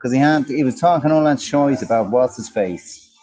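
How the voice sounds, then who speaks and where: In a rough recording from a park, a man co-hosting a casual livestream chats through the comments, greets viewers by name and banters with jokes and swearing. He has a medium-pitched, dark-toned voice and keeps a moderate pace.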